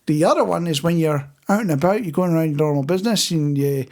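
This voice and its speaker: A man's voice: a little high, quick pace, a little mellow. A man co-hosting a casual podcast, telling stories with chuckles and restarts. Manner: chatty storyteller, frequent restarts and chuckles. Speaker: podcast co-host. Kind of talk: casual chat.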